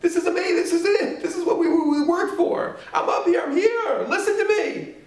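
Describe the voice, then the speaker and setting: A man acting out a joyful departed male soul in heaven, excitedly calling down to the mourners below. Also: very high-pitched, creaky, voice pushed up, full character voice. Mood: elated, pleading. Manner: excited, shouting down with rapid exclamations. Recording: echoey room, voice far from mic.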